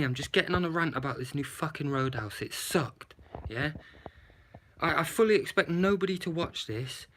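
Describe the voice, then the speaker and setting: A man's voice: fairly high pitch, fairly bright tone, a little hiss or hum. A man doing a live-streamed movie review from his phone, ranting with lots of swearing and rhetorical questions. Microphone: handheld phone camera, shaken while talking.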